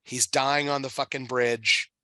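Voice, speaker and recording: Male podcast host, 30s, bright forceful tone, dry close sound; emotional and profane. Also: medium pitch, flat delivery, dry recording. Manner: emotional, swearing, halting restarts. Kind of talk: casual chat.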